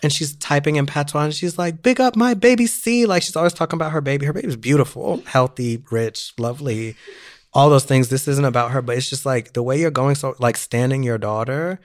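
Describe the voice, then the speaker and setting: A man co-hosting a podcast, chatting casually with animated, gossipy energy and frequent laughter. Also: medium pitch, a little fast. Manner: animated, gossipy, laughs often, mimics voices. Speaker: podcast co-host. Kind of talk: casual chat.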